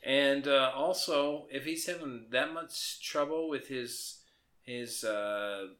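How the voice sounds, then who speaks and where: A man's voice: mid-range voice, a bit bright. A man co-hosting a casual sports podcast, teasing and swearing freely. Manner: swears a lot, teasing, drawn-out delivery. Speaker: podcast co-host. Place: small room.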